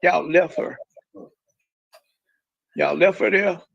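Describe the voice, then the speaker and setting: A man's voice: sits high, fairly even intonation, takes it slowly, creaky, fairly bright tone, no room sound, highs cut off. A middle-aged man, a grieving father, speaking emphatically as a guest and repeating himself.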